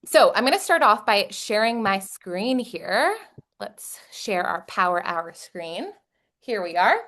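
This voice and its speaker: A woman's voice: medium pitch, big pitch swings, slow, fairly bright tone. A woman co-hosting a company webinar over a video call, bubbly, giggly and enthusiastic. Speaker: webinar co-host.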